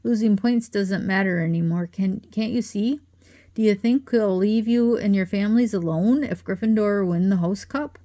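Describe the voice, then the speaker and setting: A woman reading as a determined young schoolboy who speaks urgently and forcefully. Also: medium pitch, normal speed, close to an everyday voice. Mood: defiant.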